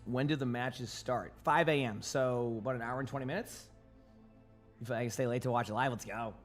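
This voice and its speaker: A young man, slightly hoarse after a stretch of commentating, chats loosely with viewers from his desk over a streaming mic, yawning and sleepy. His voice sits at an ordinary middle pitch, a little fast, as he answers chat questions in a relaxed, rambling way. Faint music plays underneath.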